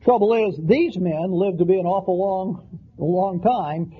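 A man's voice: high voice, unhurried, slightly rough. A middle-aged man preaching a sermon, reading scripture aloud and adding folksy asides from family life. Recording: dull lo-fi sermon recording.

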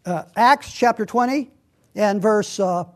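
A middle-aged male pastor with a high-pitched voice delivers a sermon. He reads scripture aloud and leans into his points, swinging between quiet asides and loud emphasis. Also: unhurried. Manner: preaching with rising emphasis, reading scripture aloud.

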